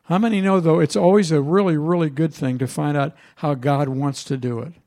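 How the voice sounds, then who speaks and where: A man's voice: on the high side, fairly even intonation, a little fast, a little mellow. A man preaching a sermon as pastor, telling a story in a conversational way and asking the congregation questions.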